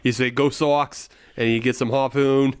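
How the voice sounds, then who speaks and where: A man's voice: mid-range voice, little pitch movement, normal speed, clear, resonant tone, no room sound. A man co-hosting a beer podcast, clowning in a thick put-on Boston accent. His voice sits in a middle register. The sound is close and dry. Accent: mock Boston. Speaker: podcast co-host. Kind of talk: casual chat.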